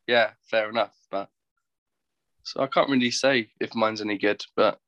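A man's voice: lowish voice, steady tone, normal speed, fairly bright tone, dry recording, muffled recording. Laid-back, hesitant man. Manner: laid-back, hesitant, many "um"s and "I don't know"s. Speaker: podcast guest. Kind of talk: casual chat.

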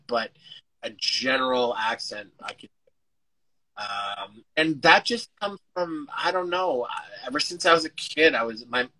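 A man's voice: mid-range voice, sharp tone, rough recording. A man, an actor guest, chatting casually over a video call, rambling and restarting his sentences, with the odd casual swear. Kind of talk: casual interview chat.

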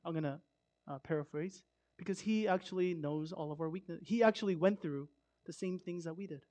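High-voiced man preaching casually. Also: fairly quick. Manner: conversational, emphatic with swings from loud to hushed. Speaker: pastor. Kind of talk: sermon.

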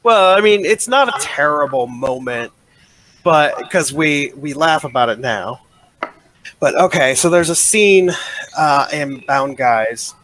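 A man appears as a podcast guest in a casual chat, telling stories loosely, cracking jokes and laughing often. His voice is on the high side and fairly bright, expressive and unhurried, with a little hiss or hum in the background.

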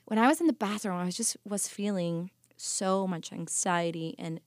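A woman's voice: on the low side, moderate pace, no room sound, clean studio sound. A woman guest on a podcast, telling a personal testimony earnestly and emotionally, often restarting her sentences. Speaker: podcast guest, life coach.

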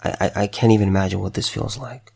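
Man, choked-up commentator, gravelly and husky, stumbling over his words. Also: deep voice, fairly even intonation, darkish tone. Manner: halting and stammering, with many repeated words. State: choked up, fighting back tears. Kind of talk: emotional direct-to-camera commentary.

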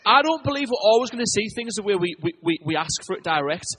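A man preaching a sermon to his church, telling stories and swinging between loud urgent lines and hushed ones. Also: sits high, sing-song, quick pace, slight background noise. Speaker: pastor.

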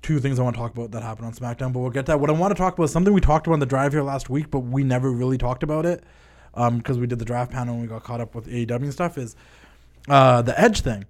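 A man co-hosting a wrestling podcast in casual chat, with a showy, loud opening and chatty delivery. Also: medium pitch, rapid-fire. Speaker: podcast co-host.

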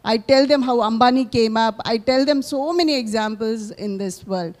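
A woman's voice: fairly high pitch, moderate pace, darkish tone. A woman, a mother, giving an earnest and grateful testimony in church. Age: adult with children.

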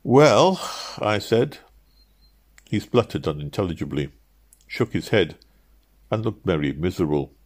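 A man narrating an audiobook in a measured, steady reading. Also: low-pitched.

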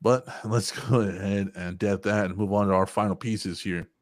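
Low-voiced profane podcast host. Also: male voice, moderate pace, very noisy. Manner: profane, animated storytelling with quoted voices. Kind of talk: casual banter podcast.

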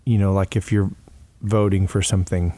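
A man's voice: low-pitched, little pitch movement, moderate pace, warm tone. A man co-hosting a podcast, chatting casually and joking with a lot of laughter. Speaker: podcast co-host. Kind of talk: casual chat. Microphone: podcast mic.

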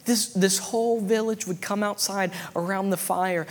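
Fervent preacher man, slightly high voice. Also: steady tone, moderate pace, few pauses. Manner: fervent, repetitive, punctuated with amens and hallelujahs. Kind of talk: sermon. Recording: long hall reverb.

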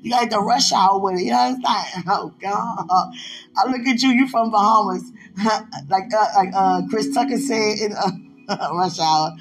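A woman speaking in a casual, heartfelt monologue. She talks playfully and with affection, teases and laughs often, and swings between soft asides and loud bursts. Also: medium pitch, moderate pace, poor audio. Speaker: vlogger addressing a loved one.

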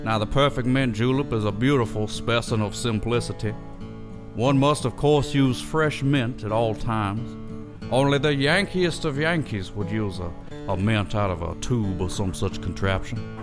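Male performer as a genteel Southern gentleman host: Southern US accent, slow and flowery comic monologue, mid-pitched voice over faint music. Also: close to an everyday voice. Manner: courtly, flowery and unhurried.

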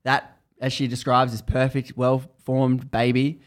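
A man hosting a podcast, casually retelling a book's story in animated bursts that build tension. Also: mid-range voice, a little slow. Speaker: podcast host. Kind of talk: casual book recap chat.

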